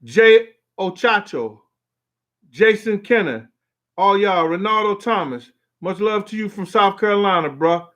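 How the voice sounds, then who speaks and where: A man hosts a casual call-in talk show, heard as a phone call on air, rambling in a streetwise style and often asking "you know what I'm saying." His voice sits high and a bit bright, unhurried with lively intonation.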